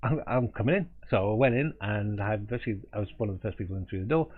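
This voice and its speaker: A middle-aged artist hosting a live drawing stream tells a casual, rambling anecdote, chuckling and restarting as he goes. His lowish voice comes out rapid-fire over tinny, phone-like audio.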